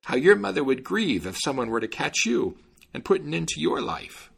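A man's voice: fairly high pitch, big pitch swings, moderate pace, gravelly, slightly rough, voice pushed up, heavily acted. A man voicing an imploring old mother duck.

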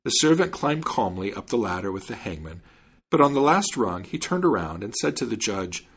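A man reads an old fairy tale aloud, animated and expressive. His pitch moves a lot and his voice has a husky grain. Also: moderate pace. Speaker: storyteller.

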